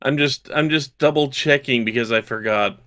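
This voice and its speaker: Man, game master, tabletop narration, bright forceful tone, mid pitch, descriptive. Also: moderate pace. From Yorkshire. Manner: descriptive, checks rules aloud.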